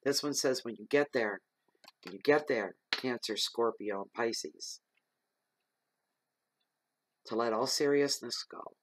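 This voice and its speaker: A man's voice: mid-range voice, slow, pauses often, no room sound, rough recording. A man giving a general tarot reading, talking straight to his listeners in an earnest, rambling way with frequent ums. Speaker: tarot reader.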